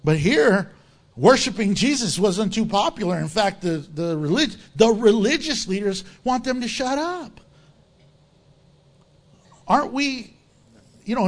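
A male pastor preaching a sermon, reading scripture aloud and acting out crowd voices in an animated way. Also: very high voice.

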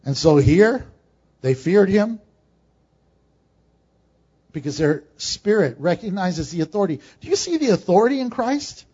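A man preaching a sermon, swinging from emphatic, rising peaks to quiet, joking asides. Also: high voice, animated, measured pace, long pauses, slightly rough. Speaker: pastor. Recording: dull lo-fi sound.

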